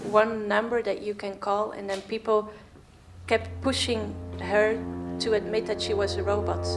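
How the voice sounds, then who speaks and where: A woman's voice: medium pitch, gravelly, slight background noise. A woman moderating a conference, talking thoughtfully with hesitations in a theatre hall. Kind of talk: talk at a conference.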